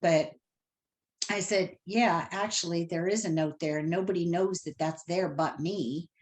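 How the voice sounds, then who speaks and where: A woman's voice: on the low side, a little slow. Emotional middle-aged woman recounting a story. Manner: animated retelling, acts out dialogue. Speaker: caller telling of a reading. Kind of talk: emotional personal story on a podcast.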